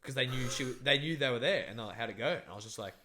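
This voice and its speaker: A man's voice: mid-range voice, expressive, fast, sharp tone, slight background noise. A young man telling a rambling story on a podcast, full of filler words and swearing. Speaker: podcast co-host. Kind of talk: casual storytelling chat.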